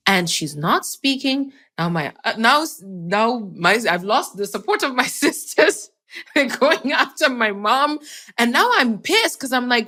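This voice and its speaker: A woman telling a personal story on a podcast in an animated, conversational, self-mocking way. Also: a little high, unhurried, soft background music.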